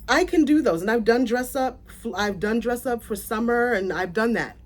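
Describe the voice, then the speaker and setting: A woman raised in South Florida, talking casually to her viewers in a vlog, animated and chatty, laughing and correcting herself as she goes. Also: fairly high pitch, normal speed. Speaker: content creator.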